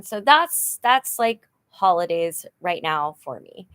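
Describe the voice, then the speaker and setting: A woman's voice: on the low side, very animated, takes it slowly, sharp tone. A middle-aged woman talking frankly in a personal vlog, rambling with many fillers and sounding frustrated and worn down. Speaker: vlogger.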